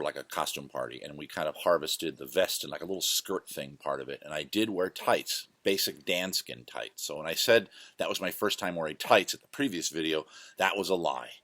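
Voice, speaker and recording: A man's voice: a bass voice, fairly bright tone, dry recording. A man hosting his own show, casually telling rambling, self-correcting stories from his past. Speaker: host. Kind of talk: casual storytelling monologue.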